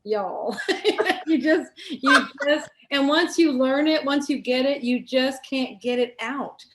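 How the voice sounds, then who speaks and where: A woman's voice: high voice, fairly even intonation, measured pace, a little hiss or hum. A middle-aged woman with a Southern US accent hosts a casual live-stream chat, chatty and laughing often. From American South. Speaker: show host.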